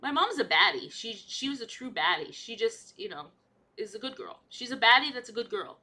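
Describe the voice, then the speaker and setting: Young woman, live-stream chatter, bright higher voice, playful and repetitive while she paints. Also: sing-song, a little fast. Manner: chatty, repeats herself, playful silly asides. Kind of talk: casual live-stream chat.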